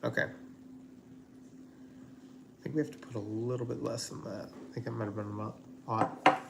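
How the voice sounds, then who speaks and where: A man's voice: mid-range voice, little pitch movement, normal speed, creaky, heavy background noise. A man hosting a casual cooking livestream from his home kitchen, rambling and chatty with lots of fillers. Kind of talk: casual live-stream chat.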